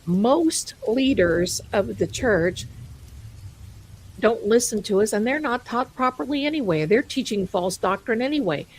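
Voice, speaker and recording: A woman's voice: a little high, lively intonation, measured pace, a little hiss or hum, rough recording. Chatty woman live-streamer, faint rain behind. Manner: chatty, rambling, self-amused, calls viewers "my darlings". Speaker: livestream host. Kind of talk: casual live-stream chat.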